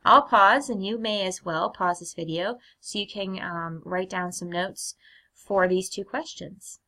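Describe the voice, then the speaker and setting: A woman teacher giving a recorded lecture in a clear, measured way, often putting questions to her students. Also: mid-range voice, sharp tone.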